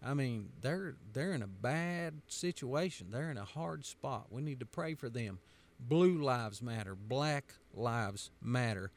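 A man from the United States giving an emphatic, sermon-style commentary, driving his points home by repetition. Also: mid-range voice.

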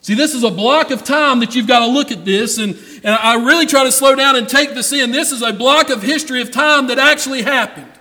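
A man's voice: very high voice, a little fast, hardly any pauses, bright, forceful tone, big-room sound. A man preaching a sermon in a folksy way, calling out to members of the congregation by name.

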